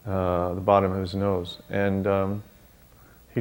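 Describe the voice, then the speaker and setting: An older man with a low voice tells his memories in an interview. He is hesitant and uses fillers, then speeds up through the story. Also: steady tone, a little slow. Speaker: devotee sharing memories. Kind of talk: reminiscing interview.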